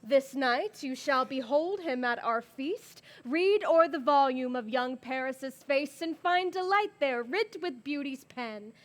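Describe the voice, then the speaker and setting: A woman's voice: sits high, lively intonation, measured pace, hardly any pauses. A woman playing a formal, commanding noble mother in an outdoor Shakespeare performance. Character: stately noble mother, brisk and proper. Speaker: stage actor. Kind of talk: outdoor Shakespeare stage acting.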